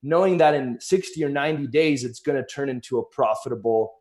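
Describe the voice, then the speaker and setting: A man's voice: medium pitch, fairly quick, a little mellow. A man speaking as a podcast guest, explaining his ideas earnestly and building his points with examples. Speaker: guest, agency founder. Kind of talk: casual interview chat.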